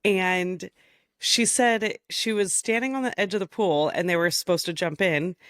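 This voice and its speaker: A woman co-hosting a podcast, telling stories in a lively, animated way and acting out what others said. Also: on the low side, moderate pace, no echo, clean studio sound. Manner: animated storyteller, acts out quoted voices. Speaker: podcast co-host. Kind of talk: casual chat.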